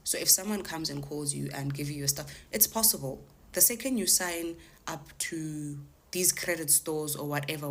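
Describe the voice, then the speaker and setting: A woman telling a casual storytime monologue to her followers, acting out the lines of the people in her story. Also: deep voice. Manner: animated retelling, acting out the callers' lines in quoted voices. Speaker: TikTok storyteller.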